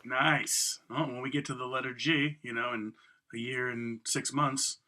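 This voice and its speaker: A man co-hosting a casual comedy podcast, cracking quick jokes and swearing freely. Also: medium pitch, steady tone, pushed and bright. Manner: joking, quick wisecracks, swears a lot. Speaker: podcast co-host.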